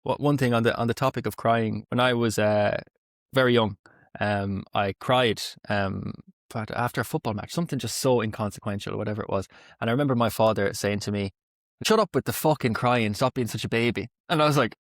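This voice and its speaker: Young male podcast host, quick and candid, swears freely; dry, close recording. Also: lowish voice, no room sound. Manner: open, heartfelt storytelling with swearing. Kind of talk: emotional podcast conversation.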